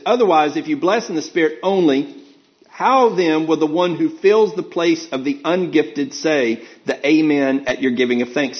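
Male preacher, conversational sermon, earnest, self-correcting, slightly raised pitch, muffled lo-fi sound. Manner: earnest, thinks aloud with frequent restarts. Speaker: preacher teaching a Bible class.

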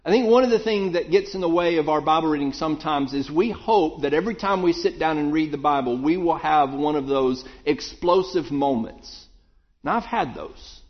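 A man's voice: a little high, normal speed, highs cut off. A man preaching a sermon in a conversational, thoughtful way, often restarting and repeating words as he works through a thought.

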